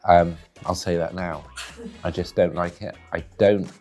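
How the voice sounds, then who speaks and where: A man giving deadpan, dry, wordy commentary while tasting food in a studio. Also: low voice, measured pace, soft background music. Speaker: guest taste-testing food.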